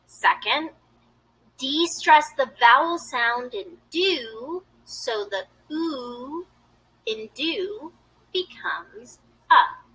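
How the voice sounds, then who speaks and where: A woman giving a scripted pronunciation lesson, modeling phrases clearly and deliberately. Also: high-pitched, lively intonation, pushed and bright, rough recording. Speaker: pronunciation tutor.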